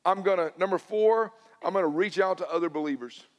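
A male pastor, preaching a sermon and swinging between loud emphatic lines and hushed, personal ones. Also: sits high, brisk, big-room sound. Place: church sanctuary.

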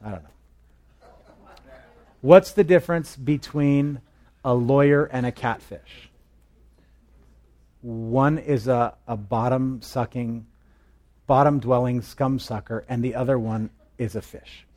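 A man's voice: mid-range voice, steady tone, takes it slowly, long pauses, darkish tone. Chatty male Bible teacher. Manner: chatty, asks the listeners questions, tells jokes.

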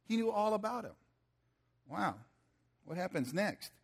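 A man's voice: high-pitched, very animated, unhurried, vocal fry, husky. A man in his fifties preaching a sermon in a conversational way, asking the audience questions and acting out quotes in slangy lines. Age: 50s. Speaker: pastor.

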